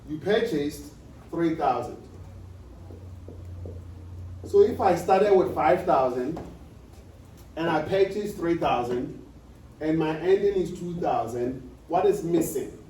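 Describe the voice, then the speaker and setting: In an echoey room with a distant mic and faint background noise, a man delivers a classroom accounting lecture. His voice is mellow and fairly high, expressive and slow, with long pauses, and he keeps repeating key points and asking questions to check that students are following.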